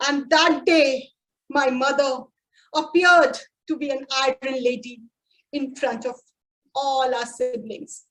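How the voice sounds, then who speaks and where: A woman giving a prepared speech at a speaking club, slow and deliberate with dramatic pauses. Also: high-pitched, fairly even intonation, fairly bright tone, low-quality recording.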